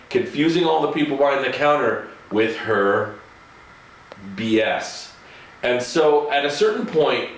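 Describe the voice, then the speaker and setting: Chuckling man telling a story. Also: medium pitch. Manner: chatty, often chuckling. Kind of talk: casual spoken anecdote. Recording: echoey room, faint ambience.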